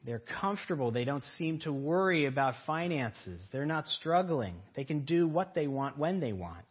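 A man's voice: fairly high pitch, lively intonation, moderate pace, breathy edge. A man preaching a sermon in an earnest way, often asking rhetorical questions. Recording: dull lo-fi recording.

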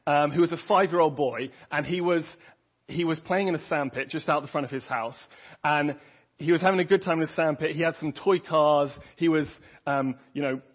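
Brief: male preacher, earnest and conversational, somewhat high, husky voice, dull lo-fi recording. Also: a little fast. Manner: earnest, conversational, with frequent restarts. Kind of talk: sermon. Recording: dull lo-fi audio.

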